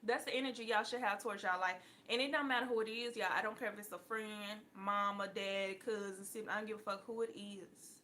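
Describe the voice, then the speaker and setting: A woman giving a blunt, profane casual talk to her viewers as a tarot reader, laughing often and getting loud at times. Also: mid-range voice, slight background noise.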